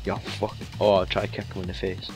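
A young man giving rowdy, sweary let's play commentary, often shouting at the game. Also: low voice, completely flat delivery, brisk, gravelly, music in the background. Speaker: gamer.

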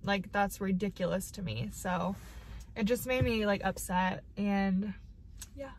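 A tearful woman talks to her phone camera from a parked car, voice upset and wavering. She rambles in a casual vlog style, leaning on "like" between thoughts. A faint hiss sits under her mid-pitched voice. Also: fairly even intonation, measured pace. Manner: rambling, heavy use of "like" fillers. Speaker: vlogger.

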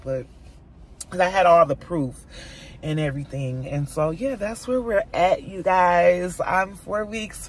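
A woman mom vlogger chatting casually to her viewers, telling a personal story in an animated, chatty way. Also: mid-range voice.

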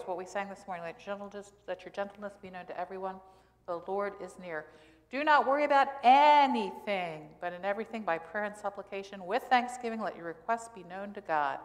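A woman pastor preaches in a conversational way and keeps asking the congregation questions. Her voice sits at a middle pitch. It carries a long reverb from the church sanctuary. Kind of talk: sermon.

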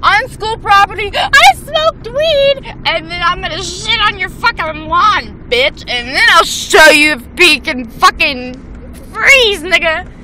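A young woman yells and cackles from a car with a squeaky, sped-up chipmunk pitch that swings all over. She drags her words out slowly. The phone recording is thick with road noise and voices around her. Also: expressive. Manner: shrieking, swearing, giggly. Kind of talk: rowdy casual chat. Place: inside a car on the street. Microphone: phone camera. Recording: noisy car with chatter and traffic.

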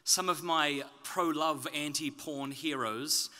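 A man from Australia with an Australian accent softened toward British, giving a conference talk with dry, self-deprecating humor. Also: fairly high pitch, steady tone, slow. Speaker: conference speaker. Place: conference venue.

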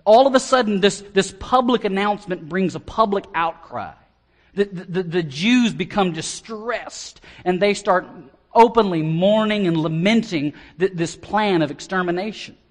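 An American man preaching an expository sermon as pastor, animated and often repeating words as he starts a phrase. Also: high-pitched, normal speed. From United States.

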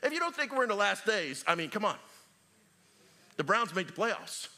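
A middle-aged male pastor preaching a sermon in a church, joking with the congregation and swinging from loud calls to near whispers. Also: high-pitched, normal speed. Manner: animated, joking preacher with big swings in loudness. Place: church sanctuary.

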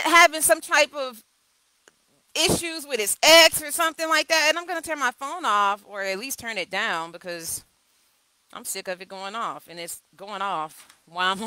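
A woman's voice: a little high, sharp tone, smooth, no echo, poor audio. A woman coach talking live to her viewers, telling candid stories and repeating key phrases for emphasis. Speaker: communication coach. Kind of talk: live video talk.

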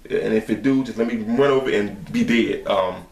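Brief: male reaction host, loud and profane, mid pitch, sits back from the mic in a roomy space. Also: moderate pace, creaky, far from the mic. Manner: profane, excitable, shouts and laughs at clips. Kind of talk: casual reaction commentary. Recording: echoey room, voice off-mic, faint noise.

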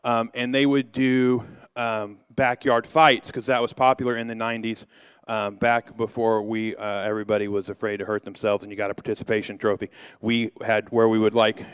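A man's voice: fairly low pitch, little pitch movement, moderate pace, clean tone, dry recording. A middle-aged man, a pastor, telling a humorous personal story during a sermon in a loose, joking way. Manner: humorous, anecdotal, loose with fillers.

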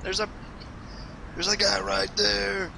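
High-pitched gravelly dude bossing his teammate around mid-game, noisy game sound behind. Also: completely flat delivery, takes it slowly. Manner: bossy, swearing, laughing. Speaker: game player. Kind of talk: casual gaming chat.

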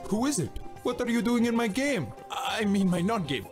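An actor voicing a solemn, gloomy computer program in a video game, speaking in a formal, dramatic way. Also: male voice, high-pitched, big pitch swings, normal speed. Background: game music.

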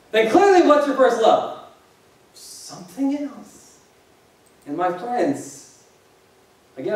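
A man's voice: high-pitched, darkish tone. A male pastor preaching a sermon, joking and asking the congregation questions. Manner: conversational, jokey preaching with rhetorical questions to the congregation. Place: church hall. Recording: echoey hall, distant mic.

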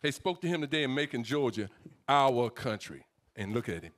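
A man in casual commentary, presenting a photo to the congregation, talking in an excited way. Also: mid-range voice, fast. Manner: laughing, excited. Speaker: church captain.

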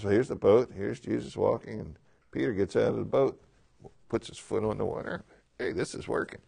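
An animated man leads a Bible class and talks through the reading in a casual, conversational way. He keeps asking his listeners questions and acts out the quoted lines as he goes. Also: fairly high pitch, gravelly. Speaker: Bible teacher.

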